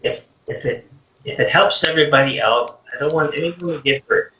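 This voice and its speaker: A man doing a gentle, dutiful young daughter. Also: on the high side, brisk, voice pushed up. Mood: soothing. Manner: soothing, pleading. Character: kind young woman, a dutiful noble daughter. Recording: roomy, distant, dull lo-fi mic.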